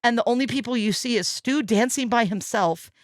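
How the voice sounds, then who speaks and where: A woman hosting a casual podcast chat about a film, telling scenes in an animated way and acting out the quotes. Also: a little high, brisk. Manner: animated storytelling, acts out quotes. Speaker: podcast host. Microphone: podcast microphone.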